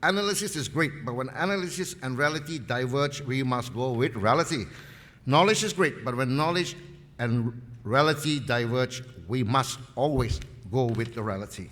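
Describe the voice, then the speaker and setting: A man's voice: medium pitch, animated, moderate pace, fairly bright tone. A man gives a seminar talk, stressing his points by repeating key phrases. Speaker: seminar speaker. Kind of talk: market presentation with anecdotes. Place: seminar hall. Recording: long reverb in a seminar hall.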